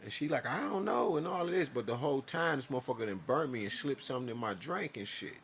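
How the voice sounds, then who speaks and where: A man's voice: medium pitch, animated, fast, a bit bright. A man telling his own story in a casual, profane monologue, acting out his side of conversations.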